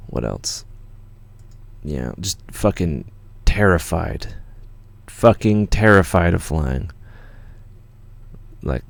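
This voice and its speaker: A young Canadian man with a low, gravelly voice, casually chatting on a livestream from his home studio. He rambles through stories with plenty of fillers and the odd curse. The sound is dry and close, with no room echo. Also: darkish tone. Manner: rambling, laid-back storytelling with many fillers and swearing. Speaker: music producer hosting a live Q&A stream.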